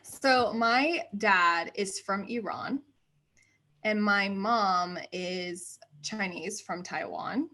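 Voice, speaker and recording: Woman guest in her thirties, lively storyteller who acts out quotes, mid-pitched casual voice. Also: extremely slow. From United States. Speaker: podcast guest. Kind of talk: casual interview chat.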